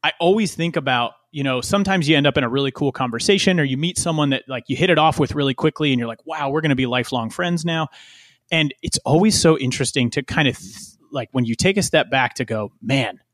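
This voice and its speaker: A man's voice: on the high side, animated, fast talker, few pauses, a bit bright, dry recording, clean studio sound. A man in casual conversation, talking in a loose, rambling way with many fillers and restarts.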